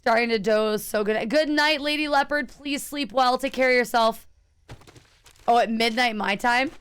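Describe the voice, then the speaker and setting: A woman's voice: a little high, moderate pace, a bit bright, clear, resonant tone. A young woman streaming a game, chatting casually and answering her viewers as she plays. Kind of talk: casual live-stream chat while gaming.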